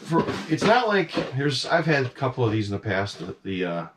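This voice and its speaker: A man's voice: mid-range voice, sing-song, normal speed, noisy background. A middle-aged man casually chatting about his collection in a basement, rambling with plenty of "you know"s and fillers. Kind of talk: casual vlog chat. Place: basement room.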